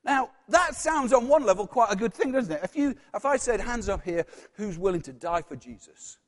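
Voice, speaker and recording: A man's voice: high voice, expressive, normal speed. A man with a Yorkshire accent preaching a conversational sermon, asking the congregation questions and acting out voices. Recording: long hall reverb.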